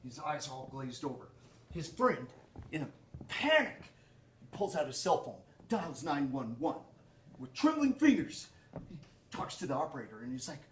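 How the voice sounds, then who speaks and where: A man telling jokes on a community theater stage, animated and acting out each line. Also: fairly high pitch, normal speed, long pauses. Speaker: joke teller. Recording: echoey theater with faint noise.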